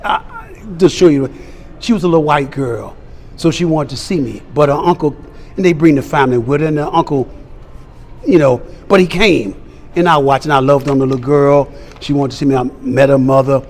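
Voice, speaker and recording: A man's voice: fairly high pitch, a little fast, darkish tone. An older man telling stories as a celebrity guest, emphatic and acting out the dialogue of the people in his stories. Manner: emphatic, acts out quoted dialogue. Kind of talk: storytelling interview. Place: fan convention.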